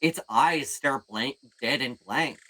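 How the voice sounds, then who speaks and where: A man narrating as game master in a casual, animated way. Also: medium pitch, slow. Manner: animated, casual, swears freely.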